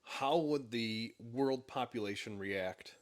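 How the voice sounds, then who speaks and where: A man co-hosting a podcast in casual chat, blunt and offhand, into a mic on a stand. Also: mid-range voice. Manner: blunt, offhand, quick to laugh. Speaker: podcast co-host.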